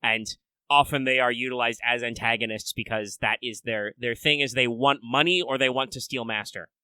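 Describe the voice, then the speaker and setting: A man's voice: mid-range voice, fairly even intonation, moderate pace, pushed and bright, clean tone, no echo. A man hosting a casual podcast, rambling and talking through many filler words and restarts. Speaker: podcast host.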